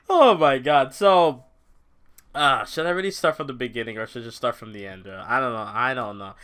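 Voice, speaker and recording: A man casually reviewing a wrestling show on his own vlog, excitable and rambling, often restarting his sentences. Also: medium pitch, fairly quick, clear, resonant tone.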